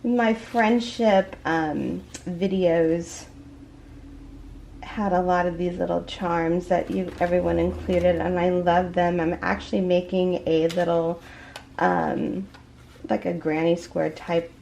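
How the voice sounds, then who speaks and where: A woman vlogging an unboxing at home in a casual chat, gushing and excited, with many fillers and restarts. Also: lowish voice, slow pace, vocal fry, a little hiss or hum. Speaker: crochet vlogger.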